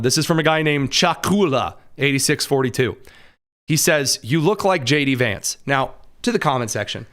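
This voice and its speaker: A man's voice: medium pitch, fairly bright tone, clear, resonant tone. An American man from the Midwest hosts a talk podcast in a casual, chatty commentary voice. He talks animatedly, throws in sarcastic asides and leans on plenty of ums and uhs. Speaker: podcast host.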